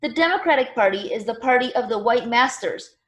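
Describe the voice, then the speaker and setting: A woman voicing a loud, eager Northern male political organizer who rallies a crowd with speeches. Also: very high-pitched, expressive, brisk, roomy sound. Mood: rallying. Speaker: party organizer.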